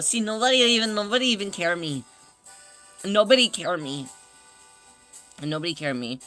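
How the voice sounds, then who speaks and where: A man chatting casually on a livestream, rambling and self-conscious, greeting viewers as they arrive. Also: high-pitched. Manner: greets chat members warmly.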